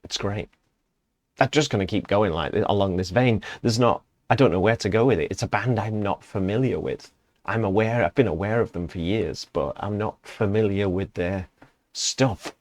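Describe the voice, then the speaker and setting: An enthusiastic man gives a loose, rambling music review, chuckling between thoughts. His voice sits low, and the recording is dry and close with no room sound. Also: normal speed, dry recording. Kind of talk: casual reaction commentary.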